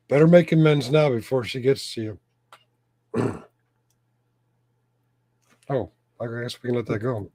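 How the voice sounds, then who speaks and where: A man's voice: mid-range voice, steady tone, takes it slowly, long pauses, darkish tone, no echo. Joking man hosting a live chat. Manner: joking, chuckling, throat-clearing. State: losing his voice. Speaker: host of a live chat show. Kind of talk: casual live-stream chat.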